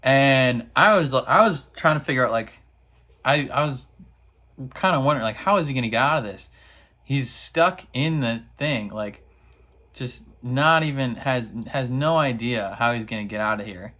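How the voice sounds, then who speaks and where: A man with a medium-pitched, bright, forceful voice talks at normal speed while hosting a reaction video. He recaps an episode in casual slang, laughing a lot and acting out characters in silly voices, rambling with fillers and restarts.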